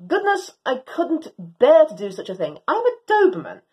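Woman voicing a grown female Doberman, proud, excitable, theatrical storybook dog, high voice, swooping pitch. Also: normal speed. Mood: indignant. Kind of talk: storytelling reading.

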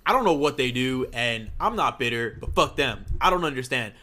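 On a casual podcast, a co-host of Italian heritage talks fairly quickly at medium pitch. He recaps a game playthrough animatedly, cracking jokes and putting on mock voices.

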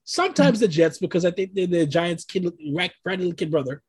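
A podcast host from New York chats casually in an animated, rambling way, his husky, breathy voice full of fillers and quick restarts. His pitch is middle-range but jumps up when he gets excited.

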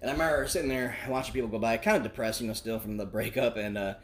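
A man in his forties tells a long personal story in a casual, rambling way, swearing freely and breaking into laughter. His voice sits at an ordinary middle pitch. A faint hiss runs under the recording. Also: racing. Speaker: guest telling a story.

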